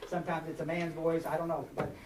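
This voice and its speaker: In an echoey meeting hall, a man in his forties with a drawl shares his story at a recovery workshop, his voice on the high side with little pitch movement and a quick pace. His talk to the live group is rambling and self-mocking, full of fillers and restarts. The recording is noisy and he's far from the mic.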